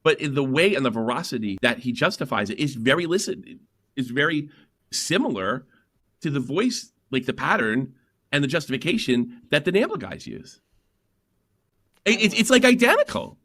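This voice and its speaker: Bright-voiced rambling male stream host. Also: fairly high pitch, fairly quick. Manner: rambling, animated storytelling. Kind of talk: casual live-stream talk.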